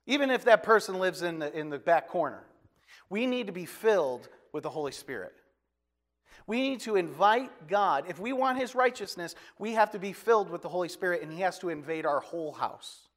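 A man's voice: high-pitched, fairly bright tone, in a large hall. A man preaching a sermon as a pastor, in a conversational way with folksy asides and self-deprecating humor.

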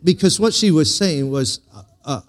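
A male pastor giving a sermon, telling a story and swinging from slow emphatic lines to quiet asides. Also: fairly high pitch, big pitch swings.

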